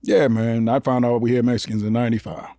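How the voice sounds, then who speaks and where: A man's voice: mid-range voice, little pitch movement, fast, warm tone. A man from Detroit, a comedian guest, telling street stories in casual, profane podcast talk and acting out the voices.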